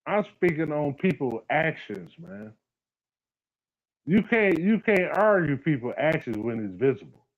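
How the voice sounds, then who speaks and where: Unhurried and sing-song, this livestream host's fairly high voice comes through a muffled recording. He keeps things casual but blunt, saying the same points over again and calling out chat members by name.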